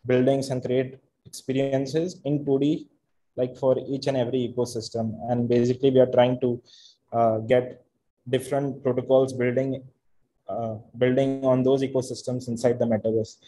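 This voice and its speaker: Founder: 20s man, Indian accent, very dark and flat tone, hesitant. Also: mid-range voice, normal speed, low-quality recording. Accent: Indian English. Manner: hesitant, many fillers. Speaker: startup founder presenting. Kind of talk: casual video call pitch.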